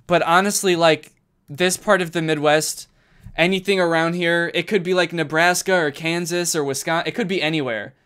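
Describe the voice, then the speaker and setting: A man streaming from a carpeted room at home, chatting casually with his viewers while he plays, and bursting into loud exclamations when he gets excited. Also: fairly high pitch, moderate pace, smooth. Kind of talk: casual live-stream chat while gaming.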